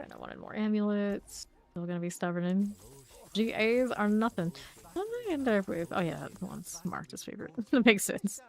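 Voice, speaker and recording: A woman with a light Southern drawl and a gravelly, creaky edge to her voice, speaking into a streaming microphone. She chats casually with her viewers while she plays, teasing herself and laughing often. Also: medium pitch, darkish tone. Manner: chatty and self-teasing, talks to chat while playing, laughs often. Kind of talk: casual gameplay commentary, chatting with viewers.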